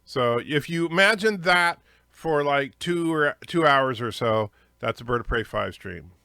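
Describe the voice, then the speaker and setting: A man's voice: medium pitch, lively intonation, a little slow, vocal fry, bright, forceful tone, clear, resonant tone, no room sound, clean studio sound. A man hosting a livestream, reading chat and giving chatty, opinionated commentary. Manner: opinionated, chatty, with fillers and restarts. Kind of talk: casual commentary.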